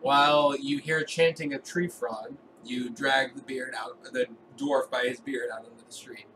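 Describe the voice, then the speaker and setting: A man narrating a tabletop game as game master, casual and halting. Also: mid-range voice, fairly even intonation, recorded from a distance. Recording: noisy room recording.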